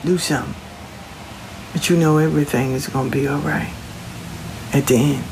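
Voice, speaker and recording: This man's voice is on the high side, steady in tone and at a normal speed, with frequent pauses. In Southern Black vernacular he shares folksy, reassuring spiritual advice as casual inspirational talk, now and then lowering to a whisper. Background noise is present.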